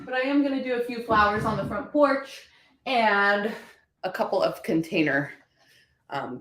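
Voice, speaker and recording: A woman's voice: medium pitch, a bit bright, roomy sound. A woman chatting casually and upbeat to viewers about her thrift finds. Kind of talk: casual haul vlog.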